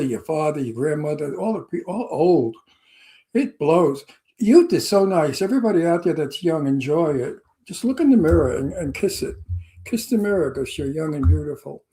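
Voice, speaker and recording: A man's voice: fairly high pitch, warm tone. Brash old Brooklyn man joking. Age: 80s. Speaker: co-host. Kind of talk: casual chat.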